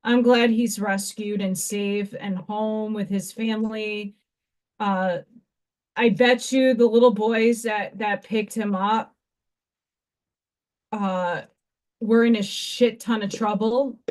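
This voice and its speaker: A woman's voice: medium pitch, steady tone, slow, darkish tone. Chatty woman rambling while crafting. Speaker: livestream host. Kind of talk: casual live craft chat. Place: home craft room.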